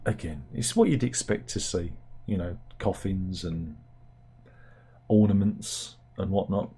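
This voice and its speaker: A British satirical news show host talks in a low, unhurried voice with a warm tone and a breathy edge. He rambles wryly, almost talking to himself, full of fillers and restarts.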